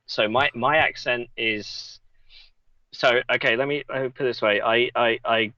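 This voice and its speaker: A man from England with a mixed English accent, chatting casually on a live Q&A, halting and restarting often. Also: medium pitch, fairly even intonation, pushed and bright, dry recording, dull audio. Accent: mixed English, Essex and Yorkshire traces. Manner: halting, many restarts, reads chat questions. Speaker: guest.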